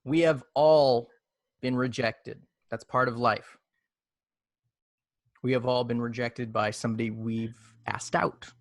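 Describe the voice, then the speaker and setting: A man telling a long comic story in a deadpan, mock-formal way over a video call. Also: mid-range voice, takes it slowly, pauses often, no echo.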